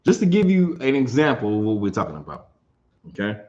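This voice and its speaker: A man's voice: lowish voice, huge pitch swings, brisk, a little mellow, muffled recording. Emphatic man teaching a Bible class. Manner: emphatic, repeats phrases, keeps asking "you understand?". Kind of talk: informal scripture teaching.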